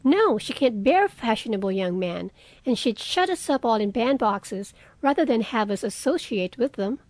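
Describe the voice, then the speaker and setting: A woman's voice: fairly high pitch, expressive, moderate pace, a little mellow, no echo, lightly acted. A woman reading as a frank, spirited young woman. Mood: earnest. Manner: earnest, outspoken, scolding. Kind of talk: audiobook character reading.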